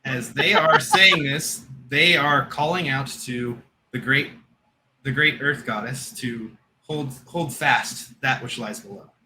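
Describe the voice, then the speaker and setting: A man narrating as game master of a tabletop game, relaxed and often laughing as he describes scenes. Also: mid-range voice, slow pace, background noise.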